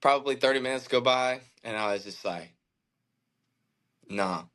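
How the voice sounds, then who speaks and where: A man in his thirties, a podcast guest, telling a candid personal story in an earnest, halting way, with many fillers and restarts. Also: medium pitch, a bit bright, smooth. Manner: emotional, reflective faith talk. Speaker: podcast guest, baseball pitcher.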